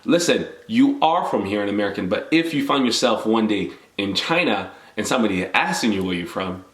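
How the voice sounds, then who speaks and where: Speaking briskly and animatedly in a lowish voice, a young Congolese man who grew up speaking French films a reflective, motivational vlog, earnestly working through numbered points. The room echoes.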